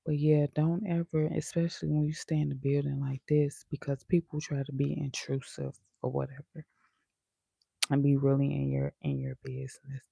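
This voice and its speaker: A woman's voice: a bass voice, animated, moderate pace, creaky, mellow, slightly rough, no echo. A woman vlogger in casual live-stream chat, talking in a chatty, sassy way with laughing asides.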